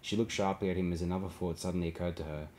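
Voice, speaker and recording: A man narrating an audiobook in a steady, low-key reading. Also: rapid-fire, slight background noise. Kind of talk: scripted narration.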